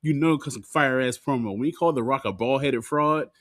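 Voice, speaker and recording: A man co-hosting a wrestling podcast, lively and quick to laugh, swearing freely as he chats. His voice sits mid-range. The recording is close and dry. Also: medium pitch, no room sound. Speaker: podcast co-host. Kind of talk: casual wrestling podcast chat.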